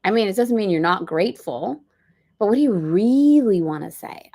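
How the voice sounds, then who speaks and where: A middle-aged woman hosts a casual livestream, chatty and upbeat as she rambles through playful asides. Her voice sits at an ordinary pitch but carries a steady gravelly fry. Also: moderate pace. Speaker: host of a spiritual study livestream. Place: on a boat.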